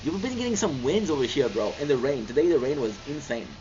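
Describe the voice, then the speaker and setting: A man's voice: mid-range voice, sing-song, fast. A male gaming streamer, chatting casually and jokingly with his viewers and calling them bro. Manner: rambling, jokey, calls people bro. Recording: slightly muffled, faint background hiss.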